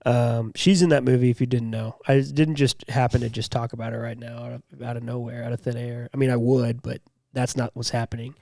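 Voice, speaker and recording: Gravelly young man rambling casually. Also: mid-range voice, level tone, fairly quick, hardly any pauses, dark tone, no room sound, studio quality. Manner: loose, rambling, lots of "like" and fillers. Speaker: podcast co-host. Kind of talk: casual chat.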